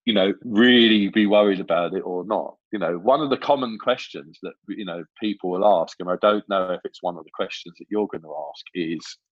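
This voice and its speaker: A man, a film assistant director telling lively, casual anecdotes and acting out the voices he quotes. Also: low voice, a little fast, hardly any pauses, dry recording. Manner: lively storyteller who acts out quoted voices. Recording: dull, dry lo-fi audio.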